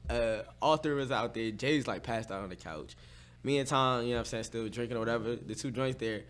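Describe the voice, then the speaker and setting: A man co-hosting a podcast, telling a story in casual chat, animated and laughing often, his voice jumping high when he gets excited. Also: brisk. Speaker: podcast co-host.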